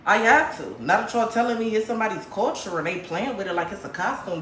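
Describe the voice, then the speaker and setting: A woman from Michigan hosting a casual livestream, talking to her viewers in a blunt, profane, animated way. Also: mid-range voice, fast, slight background noise. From Grand Rapids, Michigan, USA. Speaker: livestream host. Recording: roomy echo, faint background ambience.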